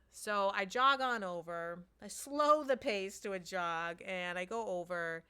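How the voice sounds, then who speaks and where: A woman's voice: mid-range voice, unhurried, hardly any pauses, bright, forceful tone, clear, resonant tone. A woman telling a parenting story in a casual monologue, with lots of "like" fillers, acting out what people said. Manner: chatty, acts out quotes, many "like" fillers.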